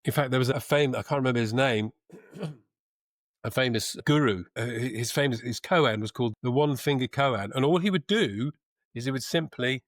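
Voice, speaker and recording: A man as a podcast guest, talking in a thoughtful, measured way with pauses, restarts and a trained actor's diction. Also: medium pitch, no echo, clean studio sound. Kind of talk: reflective conversation.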